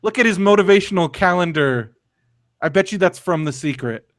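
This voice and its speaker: A man's voice: high-pitched, expressive, fairly quick. A young man co-hosting a podcast in casual chat, loose and profane, full of fillers and restarts. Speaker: podcast co-host.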